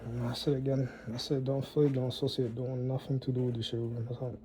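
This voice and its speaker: A man rambling in a solo monologue, profane and halting, often repeating and restarting words, with low muttering and sighs. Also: level tone, background noise.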